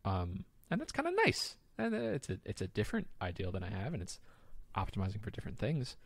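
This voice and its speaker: A man chatting casually on a podcast with a creaky, gravelly voice that swings up and down with enthusiasm. He rambles, restarts his sentences and fills them with ums and likes. The sound is dry and close. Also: fairly low pitch, huge pitch swings, quick pace, no room sound. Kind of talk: casual chat.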